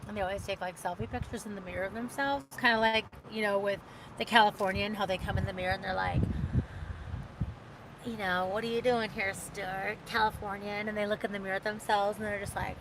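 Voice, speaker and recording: A woman's voice: medium pitch, steady tone, quick pace, noisy background. A woman hosting a casual livestream, chatting in a rambling way and reading out viewer comments. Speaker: livestream host.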